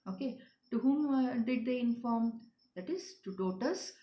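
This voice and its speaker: A woman's voice: fairly high pitch, animated, measured pace, dark tone. Woman teacher explaining to children. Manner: repetitive, questioning, often asks "children". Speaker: English teacher. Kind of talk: explaining a story to schoolchildren. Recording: roomy, dull lo-fi sound.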